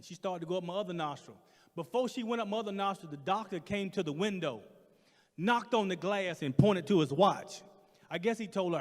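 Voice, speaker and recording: A middle-aged man with a fairly high voice tells a comic story on a stage, building energy toward each punchline. His voice rings out with a long reverb from a big hall. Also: normal speed. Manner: animated storyteller, rising loud for punchlines. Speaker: stand-up comedian. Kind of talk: stand-up comedy storytelling. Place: church hall stage with audience.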